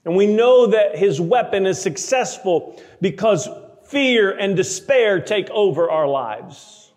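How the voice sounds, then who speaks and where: High-voiced preacher in a reverberant hall. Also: male voice, lively intonation, a little mellow. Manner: emphatic, slows for scripture readings. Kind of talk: sermon.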